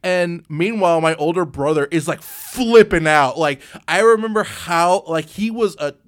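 A young man in his twenties chatting casually, rambling and swearing, telling animated stories with frequent laughs. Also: fairly high pitch, normal speed. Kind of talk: casual chat.

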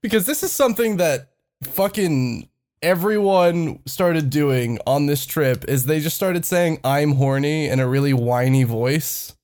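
High, lively young man telling stories. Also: unhurried. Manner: loose, profane storytelling. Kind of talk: casual chat.

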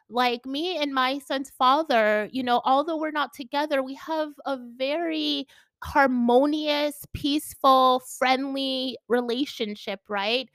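A high-voiced woman chatting on her own podcast from home, gushing and giggling as she goes. Her talk is loose and effusive, packed with "like" and "you guys." The sound is dry and close, with no room echo. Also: slow, fairly bright tone. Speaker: podcast host. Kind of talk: casual solo podcast chat. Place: at home indoors.

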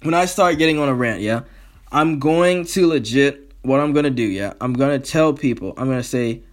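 A man's voice: fairly high pitch, expressive, fairly quick. A man hosting his own podcast, ranting in a heated, profane, rambling way. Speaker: podcast host. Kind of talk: solo podcast rant.

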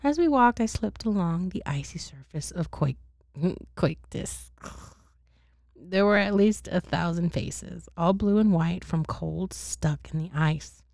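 A woman reading a bedtime story aloud in a casual way, swearing and pausing to react to the text. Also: fairly low pitch, animated, gravelly, a little mellow, no room sound, studio quality.

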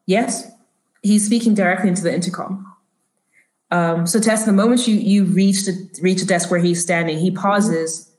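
A woman narrating as game master, halting with many restarts. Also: on the low side, steady tone, darkish tone. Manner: halting, full of restarts and fillers. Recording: roomy echo.

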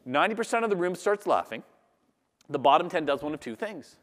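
A man giving a lively talk to a live audience, acting out the voices of the people he describes. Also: fairly high pitch, a little fast. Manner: animated, acts out audience voices. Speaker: public speaker. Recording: long hall reverb.

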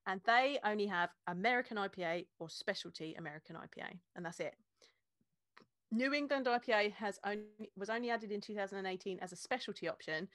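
A woman who teaches beer tasting talks energetically as a guest in a casual interview. She laughs often and acts out examples as she goes. Her mid-pitched voice is recorded dry, with no room sound. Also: fairly bright tone, dry recording.

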